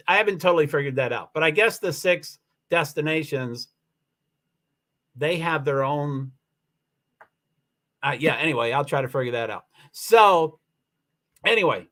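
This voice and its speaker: A man's voice: on the high side, a bit bright. A man hosting a casual livestream, chatting in a rambling way with many fillers and restarts. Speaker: livestream host.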